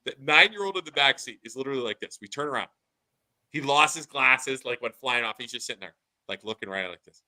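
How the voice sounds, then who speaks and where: A man in his thirties hosting a casual podcast, telling a story in an animated way and saying "dude" a lot. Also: medium pitch, quick pace, low-quality recording. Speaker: podcast host.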